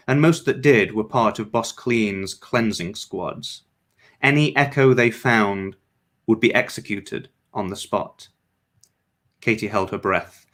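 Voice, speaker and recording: A male author reading his fiction aloud in a steady, measured way. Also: lowish voice.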